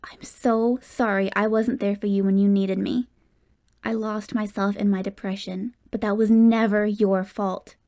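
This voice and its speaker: A woman's voice: mid-range voice, little pitch movement, measured pace, warm tone, lightly acted. A woman voicing a grieving, loving middle-aged mother in an audiobook, speaking in a pleading, tender way.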